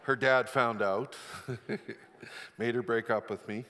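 A middle-aged man preaches a sermon in a church sanctuary, his mid-pitched voice trailing a long reverb through the hall. He tells candid, self-deprecating stories between points. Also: steady tone, slow, bright, forceful tone. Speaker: pastor.

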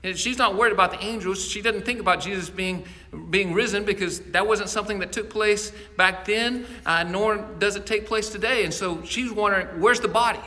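A man's voice: high voice, fairly quick, bright, forceful tone, in a large hall. A male pastor preaching a sermon in an earnest storytelling manner, often repeating words as he goes.

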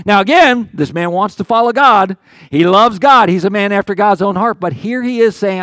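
A man's voice: high-pitched, moderate pace, a bit bright, dry recording, studio quality. An older man pastor giving a conversational, earnest sermon, often restarting his words. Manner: conversational, earnest, with many restarts and acted quotes of the psalmist.

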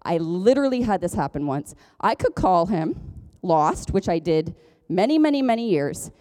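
A woman's voice: lowish voice, big pitch swings, moderate pace, warm tone. A woman pastor giving a conversational sermon, chatty and self-deprecating, joking as she goes. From Ontario, Canada. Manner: chatty, self-deprecating, jokes and laughs often.

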